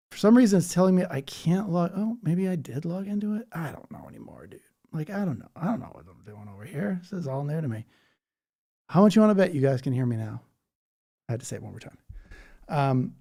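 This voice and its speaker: This livestream host is a man whose voice sits at medium pitch with a dark tone. His talk is loose and rambling, and he keeps reading out comments from the chat.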